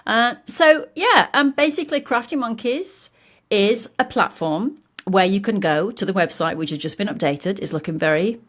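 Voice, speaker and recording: A woman's voice: mid-range voice, normal speed, fairly bright tone. A woman, a guest on a craft podcast, chatting in a bubbly, self-mocking way over a video call. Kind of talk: casual chat.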